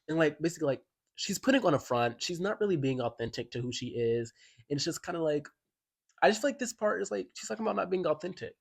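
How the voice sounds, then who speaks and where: A man's voice: on the high side, animated, fast, vocal fry, slightly rough. A man giving a chatty, enthusiastic album review as a YouTuber, filling his talk with "like". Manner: chatty and enthusiastic, heavy use of "like". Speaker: music commentary YouTuber. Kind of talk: casual album review commentary.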